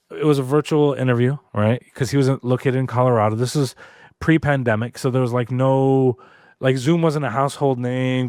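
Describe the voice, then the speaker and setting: A man co-hosting a podcast, telling a story in a casual, animated way with lots of fillers. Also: medium pitch, no echo, clean studio sound. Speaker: podcast co-host. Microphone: podcast studio mic.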